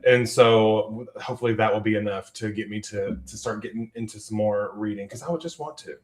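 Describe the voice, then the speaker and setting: A man with a Southern US accent and a lowish voice hosts a live writing stream from his desk in a room at home. He talks fairly quickly and casually, reading out viewer comments, and the sound is reverberant.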